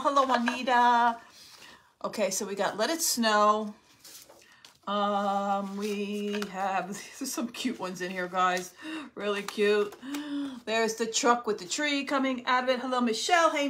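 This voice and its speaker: A middle-aged New Jersey woman hosts a live crafting stream from her home craft room, chatting, warmly greeting viewers by name, and often gasping and laughing. Her voice is mid-range and measured, with slight background noise.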